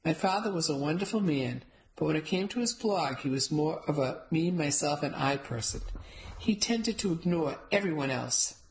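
A woman's voice: low-pitched, animated, moderate pace, darkish tone, poor audio. A woman giving wry, amused first-person audiobook narration.

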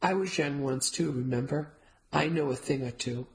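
A woman voicing a kind, wise elderly grandmother, who talks formally, gently and firmly. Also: sits low, moderate pace, poor audio. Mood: wry. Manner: formal, no contractions, gentle and firm.

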